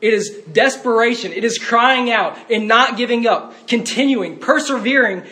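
High-voiced earnest male preacher. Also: moderate pace, bright, forceful tone. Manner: earnest, rising to fervent cries in quotes. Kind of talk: sermon.

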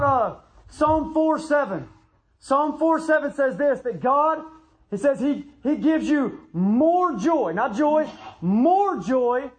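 A man's voice: very high-pitched, low-quality recording. A man preaching a sermon as pastor, repeating key phrases for emphasis and asking the congregation rhetorical questions.

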